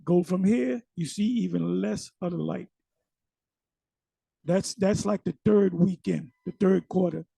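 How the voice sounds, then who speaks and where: A man talks through a video in loose, emphatic commentary, repeating words and leaning on slang. His voice sits high yet sounds dark and husky, with a gravelly edge. The recording is dry, with no room sound. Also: unhurried, no echo. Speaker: commentator reacting to a sermon video.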